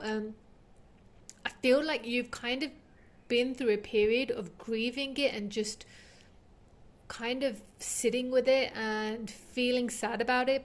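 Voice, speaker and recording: Earnest woman giving a tarot reading. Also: on the high side. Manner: earnest and heartfelt, rambling with many fillers. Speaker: tarot reader. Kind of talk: intuitive tarot reading to viewers.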